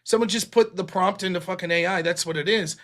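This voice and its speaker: A man with a high, bright voice hosts a political call-in show. He talks in loose, casual stretches, swears freely, and rambles through secondhand stories. His tone stays conversational and unscripted. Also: quick pace. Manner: profane, rambling storytelling retelling others' words.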